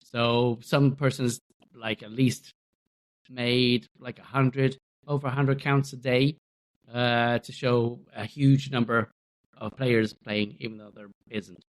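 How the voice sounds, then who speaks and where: A man's voice: medium pitch, level tone, slow. Hesitant man in casual podcast chat. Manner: hesitant, full of "uh" fillers. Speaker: podcast co-host.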